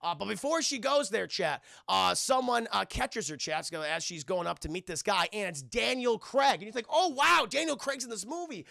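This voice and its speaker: A man streaming a casual film review, animated and profane, constantly talking to his chat. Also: high-pitched, moderate pace, vocal fry, few pauses, no room sound, clean studio sound.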